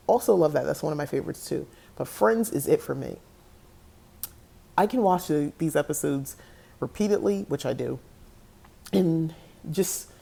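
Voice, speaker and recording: A chatty woman talks straight to her viewers in a low, mellow voice. She laughs often and drifts easily into tangents. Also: creaky. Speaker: podcast host. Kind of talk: casual talk to camera.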